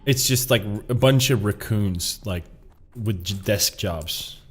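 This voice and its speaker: Slow rambling profane gaming streamer man. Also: fairly low pitch, breathy edge. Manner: rambling, profane, joking, laughs often. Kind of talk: casual chat while gaming.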